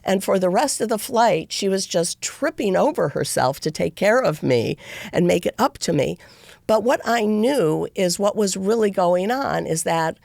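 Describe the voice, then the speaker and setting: A woman's voice: medium pitch, animated, normal speed, creaky, a little mellow, dry recording, studio quality. A middle-aged woman, a podcast guest, telling a long story in a rambling way with many restarts. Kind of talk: casual interview storytelling.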